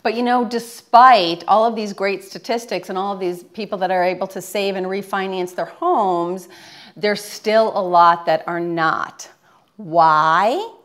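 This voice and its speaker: A woman's voice: medium pitch, fairly even intonation, measured pace, a bit bright. A woman co-hosting a local mortgage TV show, teasing her partner and explaining a refinance program with frequent laughs. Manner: laughs often, upbeat and teasing. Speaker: real estate and mortgage TV show co-host. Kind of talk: scripted TV banter and explainer.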